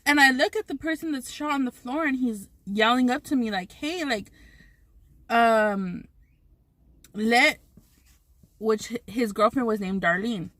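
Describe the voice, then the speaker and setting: A woman's voice: fairly high pitch, brisk, hardly any pauses, fairly bright tone, no room sound. A woman vlogger telling a story while eating on camera, rambling with many restarts and swearing freely.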